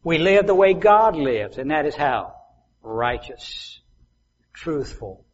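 A man pastor preaching a sermon, swinging from loud emphasis to soft asides and acting out quoted voices. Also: a little high, sing-song, takes it slowly, dull audio.

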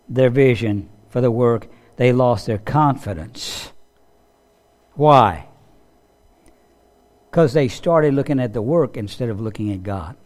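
A man's voice: medium pitch, a little mellow. A man preaching a sermon as a pastor. He tells Bible stories in a conversational way, asks the listeners questions and acts out the voices he quotes.

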